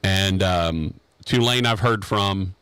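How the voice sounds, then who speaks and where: A man's voice: sits low, slow pace, a bit bright, clean tone, no room sound. A man hosting a casual sports radio show, rambling and joking with restarts. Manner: rambling, joking, repeats himself. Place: radio studio.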